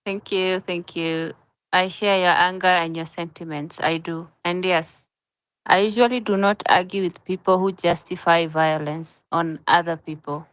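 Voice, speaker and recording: A woman hosting a live audio chat, speaking softly and sympathetically. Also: fairly low pitch, steady tone, a little slow, no echo, rough recording. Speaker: host of a live audio room.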